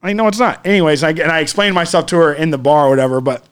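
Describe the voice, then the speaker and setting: A man's voice: fairly high pitch, very fast, clear, resonant tone. A man telling a story in casual chat, profane and ranting, acting out what people said. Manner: profane, ranting, acts out quotes.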